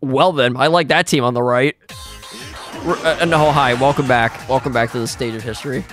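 A young man giving excited, swearing live commentary on computer fights, laughing often and tripping over his words. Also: mid-range voice, moderate pace, music in the background. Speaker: gaming video host.

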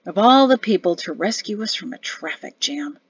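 A sheepish, grumbling husband who mutters his complaints low, as a woman narrator reads him. His lines come close to the reader's own tone, often dropping to a quiet aside. Muffled, dry audio. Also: lively intonation, moderate pace, slightly rough, no echo. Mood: muttering. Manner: muttering under his breath. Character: embarrassed, grumbling husband and officer.

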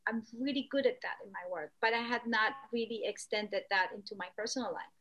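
A woman artist talking as a podcast guest, lively, acting out quoted voices. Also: a little fast, highs cut off. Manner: animated, acts out quoted voices with pitch jumps. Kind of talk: conversational podcast interview.

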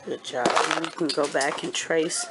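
A woman in her forties, a homeschooling mother, gently coaching her kindergartner through a handwriting lesson at home and repeating each step patiently. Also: low voice, a little slow, heavy background noise. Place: at home indoors.

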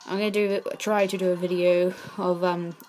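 A woman's voice: lowish voice, little pitch movement, moderate pace, a little mellow, soft background music. A woman giving let's play commentary on a game, easily frustrated, blurting out exclamations and swears at the screen, then apologizing. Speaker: gaming channel host.

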